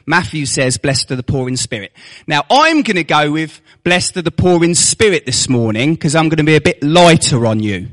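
A man's voice: a little high, animated, moderate pace, hardly any pauses, fairly bright tone. A man preaching a sermon to his congregation, with rhetorical questions and mocking asides.

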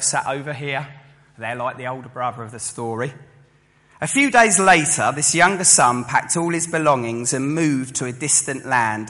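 Male preacher, bright clear voice, storytelling sermon, echoing hall. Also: a little high. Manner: storytelling, acting out voices of listeners. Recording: long hall reverb.

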